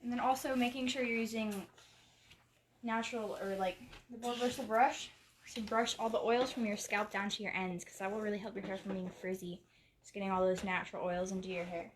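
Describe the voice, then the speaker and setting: Working on a model, this young hair stylist chats her way through a live tutorial, explaining every step with many likes and restarts. Her medium-pitched voice is steady and a little fast, set against a noisy background.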